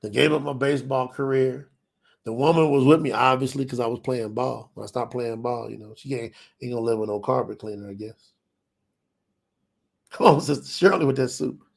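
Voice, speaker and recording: A middle-aged man giving an emotional personal testimony in church, dropping very quiet when he quotes himself. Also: mid-range voice, brisk, gravelly. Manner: emotional storyteller, drops very quiet on quoted lines.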